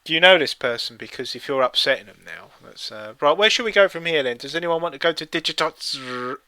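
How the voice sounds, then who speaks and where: A man's voice: a little high, animated, a little fast, bright, forceful tone, no room sound. A man co-hosting a live stream, trading playful, giggly banter. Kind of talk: casual chat.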